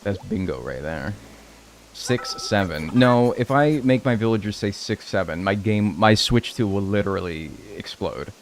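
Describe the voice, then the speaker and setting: Animated and at a moderate pace, a game streamer with a lowish voice talks to chat, thanks his subscribers, and jokes and cusses freely. A slight hiss or hum runs under the audio.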